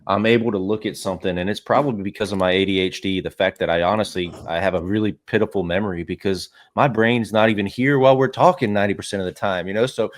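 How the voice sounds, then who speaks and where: Deep-voiced man hosting a podcast. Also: fast talker, hardly any pauses. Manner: energetic, rambling asides. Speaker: podcast host, business owner. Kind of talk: conversational interview.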